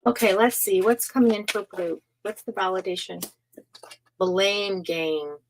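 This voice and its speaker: A woman's voice: mid-range voice, fairly even intonation, a little slow, slight background noise, rough recording. A woman doing a casual live-stream tarot reading, chatty and gushing with lots of fillers. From United States. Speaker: tarot reader.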